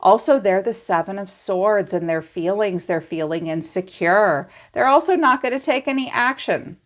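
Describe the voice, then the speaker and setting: A woman's voice: mid-range voice, lively intonation, moderate pace, hardly any pauses. Chatty, blunt woman reading tarot. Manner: blunt, chatty, swings into playful quoted voices. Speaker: tarot reader. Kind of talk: casual tarot reading to camera.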